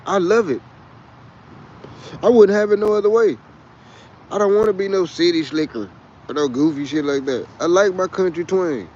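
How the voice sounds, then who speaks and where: A man's voice: high-pitched, normal speed, pauses often, a little mellow, lo-fi sound, slight background noise. A man with a Texas twang, chatting in a rambling, boisterous and profane way on a casual livestream. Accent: Texan. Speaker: livestream host.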